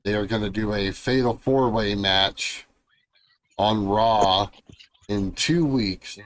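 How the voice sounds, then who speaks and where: A man hosting a wrestling podcast in casual chat, laid-back and unhurried as he runs through the news. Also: lowish voice, dry recording. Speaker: podcast host.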